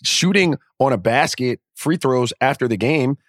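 Man, sports podcast co-host, mid-pitched, dry close sound, emphatic and opinionated. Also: expressive, measured pace, no room sound. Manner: opinionated, emphatic, with many restarts. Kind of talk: casual sports chat.

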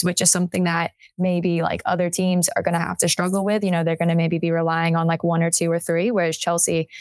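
A woman panelist on a football podcast, talking in a relaxed, conversational way with informal fillers. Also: on the low side, no echo. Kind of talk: casual chat.

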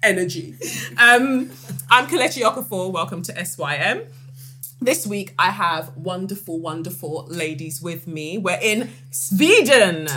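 A woman's voice: on the low side, measured pace, slight background noise. A woman from England hosting a podcast, exuberant and teasing, chatting with guests. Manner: exuberant, teasing, loud bursts of laughter. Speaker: podcast host. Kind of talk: lively group chat with laughter. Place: room with a group of guests.

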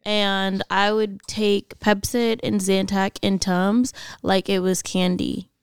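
A woman's voice: medium pitch, takes it slowly, smooth, dry recording, clean studio sound. A young mother co-hosting a podcast, telling stories animatedly and quoting others in casual chat. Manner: animated storyteller, quotes people. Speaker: podcast co-host.

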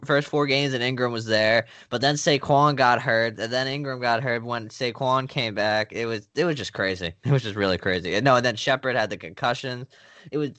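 A man's voice: mid-range voice, a bit bright, no echo. A young man co-hosting a casual sports podcast, laughing easily and chatting through game analysis. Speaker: podcast co-host.

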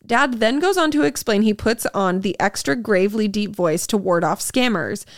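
A woman's voice: mid-range voice, expressive, normal speed, dry recording, studio quality. A young woman co-hosting a podcast, blunt and swearing, laughing often as she reads listener posts aloud. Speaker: podcast co-host. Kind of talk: casual chat, reading listener posts aloud.

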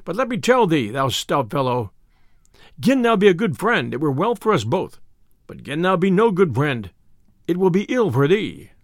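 A man voicing a gruff, boastful, hot-tempered tinker who speaks in old-fashioned English. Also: a little high, big pitch swings, normal speed, dry recording, clean studio sound. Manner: blustering, archaic speech.

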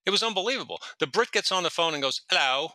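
A man's voice: high-pitched, expressive, very fast, sharp tone, no room sound. A man telling long stories as a podcast guest, rambling and correcting himself as he jumps around in time. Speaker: podcast guest, retired police detective. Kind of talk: storytelling in a casual interview.

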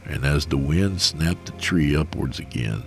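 A man reading a horror story aloud in a slow, measured, grim delivery. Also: a bass voice, faint music behind. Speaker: narrator.

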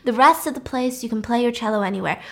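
A gently firm male music teacher with a quiet, measured delivery, put on by a woman retelling a film. His words come out low-key and hushed rather than stern. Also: gravelly. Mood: solemn.

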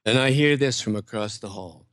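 An older male comedian and impressionist, a guest telling animated stories and slipping into voices. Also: on the low side, normal speed, no room sound. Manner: lively storyteller who slips into voices.

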